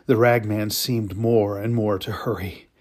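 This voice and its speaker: A man giving a dramatic story reading, slow and emotive, with drawn-out pauses. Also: lowish voice, steady tone, a little mellow.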